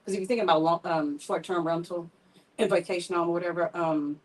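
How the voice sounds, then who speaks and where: A woman on a casual real estate panel chatting in a quick, agreeable way, with plenty of fillers like "you know". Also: fairly low pitch, fairly even intonation, distant mic, rough recording.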